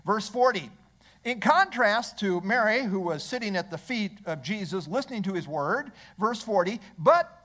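A man's voice: high voice, lively intonation, moderate pace, a bit bright. A male pastor preaching a sermon in church, asking the congregation rhetorical questions.

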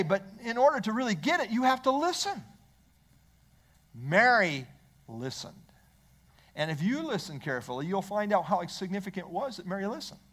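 A man's voice: high-pitched, fairly bright tone. A male pastor preaching a sermon in church, asking the congregation rhetorical questions.

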